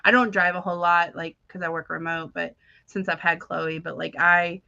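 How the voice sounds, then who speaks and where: A young woman chats casually on a podcast, telling her stories with lots of laughter and acted-out quotes. Her voice is bright and the sound is dry and a little dull. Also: on the low side, normal speed, gravelly, no room sound. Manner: animated storytelling, laughs often, acts out quotes. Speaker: podcast co-host. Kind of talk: casual chat.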